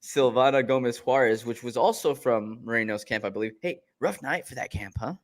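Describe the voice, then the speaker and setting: A man with a mid-range voice, relaxed and jokey, leading a casual chat. He moves things along with an easy, friendly manner. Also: mid-range voice, fairly quick. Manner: easygoing, leads the run-through, jokey. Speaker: podcast co-host.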